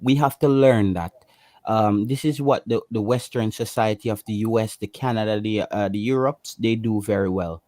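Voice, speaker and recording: A man's voice: fairly low pitch, moderate pace, darkish tone, no room sound, studio quality. Emphatic Jamaican man talking football. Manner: passionate, emphatic, repeats himself. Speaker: co-host. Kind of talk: casual livestream chat.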